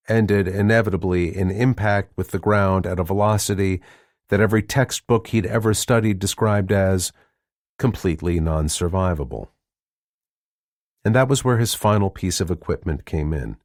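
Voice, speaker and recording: A deep-voiced man reads scripted audiobook narration in a calm, even storytelling manner. The sound is clean and studio-grade, with no echo at all.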